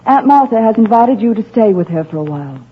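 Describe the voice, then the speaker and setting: A woman playing a young wife in a radio drama, emotional, sharp and theatrical. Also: on the high side, expressive, fast, breathy edge, soft background music. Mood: angry. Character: young wife, proud and desperate. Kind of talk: 1940s radio acting. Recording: tinny old radio broadcast with faint hiss.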